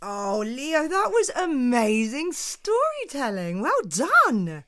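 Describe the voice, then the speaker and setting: Woman, children's podcast co-host, animated up-and-down voice, encouraging and praising. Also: high voice, slow pace.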